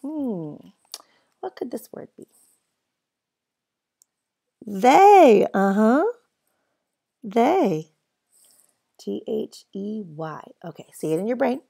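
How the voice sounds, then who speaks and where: Woman teacher doing a kids phonics lesson, spells stuff out real slow, kinda gravelly voice. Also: medium pitch, big pitch swings, dark tone. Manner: slow, spells words letter by letter; encouraging. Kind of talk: phonics lesson for young children.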